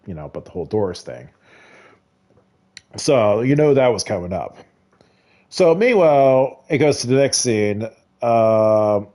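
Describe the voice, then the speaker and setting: A man's voice: fairly low pitch, darkish tone. A man recapping a show in casual rambling talk, chuckling often and briefly voicing the characters he quotes. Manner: rambling, chuckles often, retells scenes with quick quoted voices. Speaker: gaming vlogger.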